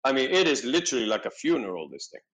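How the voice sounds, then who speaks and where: A middle-aged man recounting a personal story as a podcast guest. His voice is animated, jumping between his own lines and the people he quotes, and he peppers his speech with casual fillers. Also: mid-range voice, very fast, low-quality recording. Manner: animated, acts out dialogue, frequent "you know".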